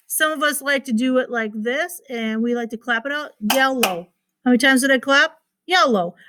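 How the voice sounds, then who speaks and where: A woman's voice: sits high, a bit bright. A woman teacher giving a recorded phonics lesson to children, patiently repeating words and sounding out their syllables.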